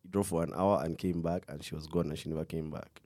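A man's voice: very deep voice, fairly even intonation, fast talker, warm tone, no echo. A young man telling a true crime story in casual chat, rambling with slang and restarts, stopping now and then to cough. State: coughing fits.

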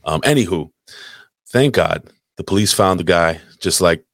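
A man's voice: low voice, lively intonation, normal speed, dry recording, studio quality. A man hosting a live podcast, telling a long rambling story in casual, crude chat with lots of swearing. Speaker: podcast host. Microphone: desk mic, live stream.

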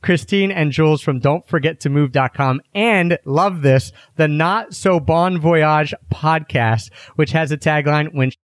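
Male podcast host, playful and animated, slightly higher voice, dry close sound. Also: a little slow, few pauses, dry recording. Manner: playful, joking, animated questions. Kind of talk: upbeat podcast interview.

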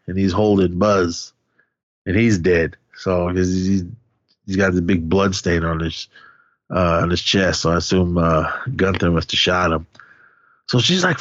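A man's voice: low-pitched, dry recording, dull audio. A man casually retelling a horror film's plot, rambling with lots of fillers. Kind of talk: casual film recap.

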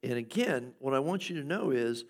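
A man preaching a sermon in a conversational way, with fillers and short laughs, sometimes acting out skeptical questions in a higher voice. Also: lively intonation, moderate pace. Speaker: pastor.

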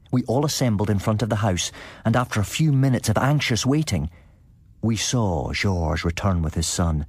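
A male podcast host narrates a ghost story at a measured, suspenseful pace. His voice is very low and husky. The sound is dry and close, with no room echo. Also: lively intonation.

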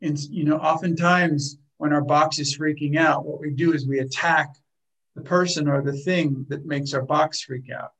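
A man teaching a workshop group in a calm, explanatory way, often repeating words as he thinks. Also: a little high, normal speed, low-quality recording. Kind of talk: teaching a group, with acted example lines.

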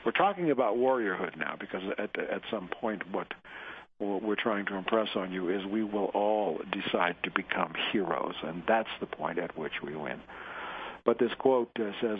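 A man's voice: lowish voice, animated. Earnest man hosting live radio over tinny audio. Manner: halting, many restarts and fillers, earnest. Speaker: radio talk show host. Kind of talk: live radio commentary, reading articles aloud. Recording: tinny phone-like radio audio with faint noise.

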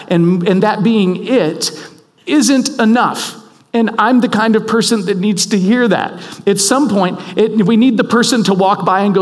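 A man's voice: sits high, unhurried. A man preaching a sermon in a conversational, self-deprecating, emphatic way. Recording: long hall reverb.

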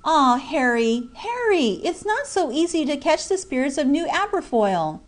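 A woman reading an audiobook, voicing a cheerful, teasing young male miner in a lively, coaxing manner. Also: high voice, moderate pace, pitched above the performer's own voice. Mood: jovial. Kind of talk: audiobook character voice.

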